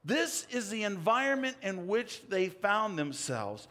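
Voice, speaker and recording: A man preaching a sermon, telling a story dramatically with big swings in pitch and loudness. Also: sing-song, unhurried.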